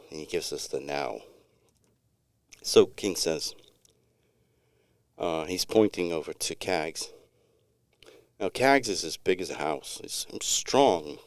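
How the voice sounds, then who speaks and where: Middle-aged man, very low voice, smooth and resonant, rambling laid-back storyteller, dry close sound. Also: no echo. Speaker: podcast co-host. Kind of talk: casual storytelling chat.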